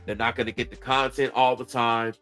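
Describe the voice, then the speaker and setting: A man's voice: medium pitch, level tone, brisk, fairly bright tone, faint music behind. A man from Georgia, hosting a mocking reaction commentary and talking back to the clip and his chat. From Georgia, USA. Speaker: commentary host. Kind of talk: reaction commentary on a played video.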